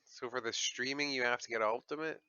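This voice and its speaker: A man hosting a livestream in loose, filler-heavy banter, his voice bright and forward. The sound is dry and a bit dull, like lo-fi stream audio from a desk mic. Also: mid-range voice, fairly even intonation, a little fast, smooth, no echo. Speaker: livestream host. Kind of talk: casual voice-chat banter.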